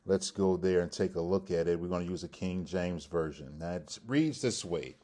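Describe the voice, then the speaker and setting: A man teaching a Hebrew grammar lesson, repeating each word slowly to drill its pronunciation. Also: sits low, mellow. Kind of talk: slow spoken grammar lesson.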